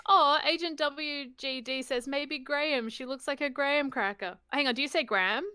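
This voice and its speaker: A woman's voice: high voice, moderate pace, bright, forceful tone, no room sound, clean studio sound. An Australian woman rambling in casual chat as a stream guest, giggly and full of "like".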